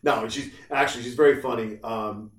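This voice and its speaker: A man's voice: medium pitch, normal speed, recorded from a distance. A man chatting casually on a podcast, telling stories and acting out the people he quotes. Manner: animated storyteller, acts out quoted voices. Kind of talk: casual chat. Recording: roomy echo, off mic.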